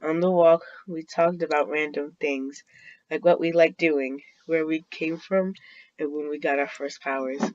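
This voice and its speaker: A man's voice: a little high, fairly even intonation, a little slow, darkish tone, no echo, dull audio. A man casually reading a fan-fiction story aloud, often breaking off to laugh.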